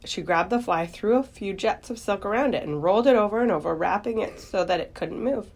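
A woman reading a children's book aloud in a gentle, expressive storytelling voice. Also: medium pitch, fairly quick, creaky.

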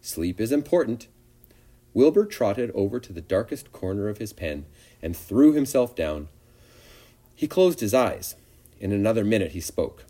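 Man reading a kids storybook out loud, soft mellow voice, lots of lilt. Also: lowish voice, moderate pace. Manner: expressive, gentle narration. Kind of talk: storybook read-aloud.

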